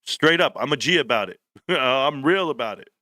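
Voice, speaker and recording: Blunt, bright-voiced man. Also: medium pitch, normal speed, dry recording, studio quality. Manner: blunt, animated storytelling with slang. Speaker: livestream host. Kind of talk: casual livestream chat.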